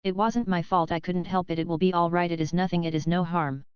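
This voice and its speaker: Brief: desperate young wife, read by a woman, frantic broken pleading, very clear and dry. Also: lowish voice, steady tone, fairly quick, no echo, highs cut off, close to an everyday voice.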